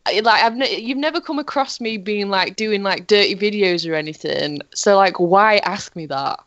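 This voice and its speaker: A woman's voice: medium pitch, normal speed, fairly bright tone, no echo. A woman chatting casually on a podcast, blunt, swearing freely and saying "like" a lot. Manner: blunt, swears, many "like" fillers. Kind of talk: casual chat. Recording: slightly dull lo-fi sound.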